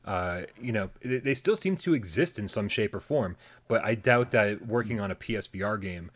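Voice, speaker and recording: A man's voice: on the low side, lively intonation, moderate pace. A man hosting a casual gaming podcast, chatting loosely and breaking into playful mock rants. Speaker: podcast host.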